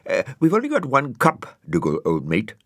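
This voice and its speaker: A man voicing a whiny, excitable male snail with a cheeky, squeaky manner in a storybook reading. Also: no echo, clean studio sound, exaggerated voice. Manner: cheeky, squeaky, quick to sulk.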